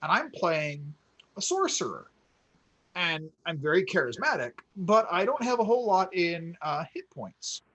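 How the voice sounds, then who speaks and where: A man casually telling a tabletop game story on a podcast, acting out quotes with growing excitement. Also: fairly high pitch, measured pace, low-quality recording. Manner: animated storyteller, acts out quotes with rising excitement. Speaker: podcast co-host.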